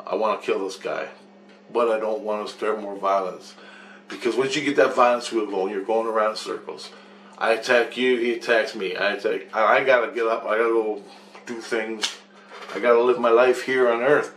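A man with a fairly low voice tells a long, rambling story, agitated and swearing freely as he loops back over the same points. The recording is roomy and echoey. A faint hiss sits underneath. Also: a bit bright. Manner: agitated, profane, repetitive storytelling. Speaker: vlogger recounting spiritual experiences. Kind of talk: rambling monologue.

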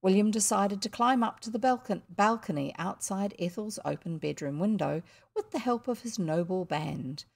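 A woman with a New Zealand accent reading a classic children's story aloud, expressive with the odd slip and restart. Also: medium pitch, normal speed, gravelly. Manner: expressive, occasional slips and restarts. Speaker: audiobook reader.

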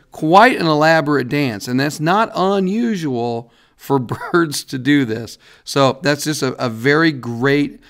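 A man's voice: medium pitch, a bit bright. Casual man lecturing on biology. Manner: casual, folksy explaining with frequent "all right" and restarts. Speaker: biology teacher. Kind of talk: recorded classroom lecture over slides.

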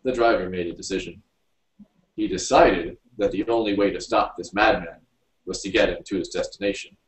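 A man reading a story aloud, narrating in an unhurried storybook manner. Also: low-pitched. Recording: roomy, distant mic.

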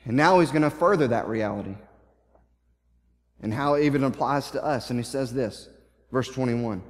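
A man's voice: mid-range voice, normal speed, long pauses. A man preaching a sermon with passion, often repeating and restarting his phrases as he paraphrases scripture in the first person. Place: church sanctuary. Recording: long hall reverb in a church.

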